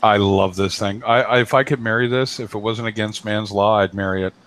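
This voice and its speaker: This stream host talks brisk and steady in a fairly low, fairly bright voice, keeping things casual over his home computer mic. He jokes around and swears without holding back.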